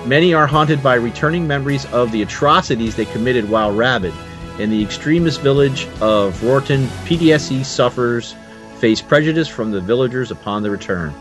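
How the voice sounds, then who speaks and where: A man's voice: mid-range voice, over music. A man chatting casually on a podcast, reading a show summary aloud and joking with friends. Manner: jokey, reads aloud quickly, laughs often.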